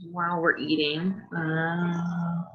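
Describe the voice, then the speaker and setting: A woman's voice: on the low side, flat delivery, slow pace, lo-fi sound. A woman talking casually in character as a player in a tabletop game, rambling with lots of filler words.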